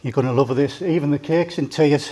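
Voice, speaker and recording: A man with a voice on the high side delivers a fairly quick father of the bride speech at an indoor wedding reception. Joking and telling stories, he teases the groom amid very noisy audio.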